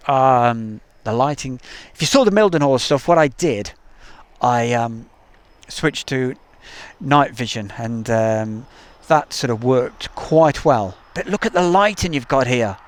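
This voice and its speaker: A man with an East Midlands accent, hosting a casual live stream outdoors and chatting as he reads out viewer messages. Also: medium pitch. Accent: East Midlands English. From England. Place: outdoors near an airport at night. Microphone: camcorder mic.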